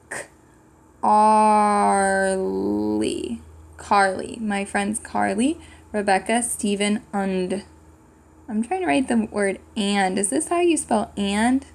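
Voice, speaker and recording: A woman with vocal fry and a medium-pitched voice gives young children a slow, clear writing lesson. Unhurried and patient, she thinks aloud as she sounds out words for the class.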